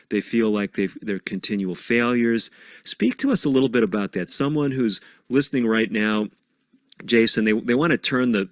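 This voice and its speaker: A man's voice: mid-range voice, no echo, clean studio sound. A man interviews a guest in a loose, conversational way, searching for words as he poses his question.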